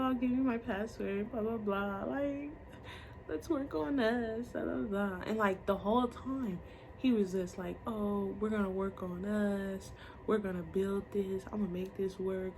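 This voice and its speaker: A young woman tells a story in a casual vlog, her voice medium-pitched and gravelly. She's blunt and profane, acting out the voices of the people she quotes, with a faint hiss of noise in the background.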